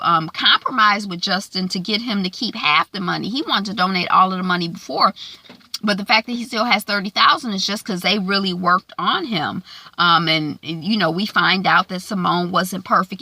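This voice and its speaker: A woman's voice: on the low side, pushed and bright. A woman giving a casual, chatty recap of a TV episode, with plenty of fillers along the way. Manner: chatty, filler-heavy retelling. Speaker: TV recap vlogger.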